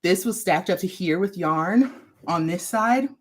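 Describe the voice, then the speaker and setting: A bubbly woman chats on a casual livestream from her home craft room. Her pitch jumps around a lot, and she sounds a little out of breath as she talks. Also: animated, measured pace. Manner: bubbly, chatty, greets viewers by name. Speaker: crochet designer and livestream host.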